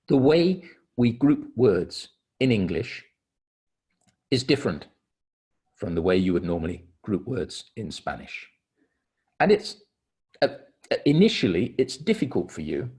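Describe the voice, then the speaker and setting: A middle-aged man leading an online training seminar on communication, explaining step by step with deliberate pauses and stressed key words. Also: fairly low pitch, a little mellow, husky.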